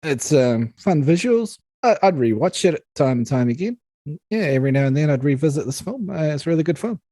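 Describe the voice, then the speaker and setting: A man co-hosting a casual film review podcast, talking in an animated, exasperated way with plenty of swearing. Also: fairly high pitch, brisk, dry recording. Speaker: podcast co-host.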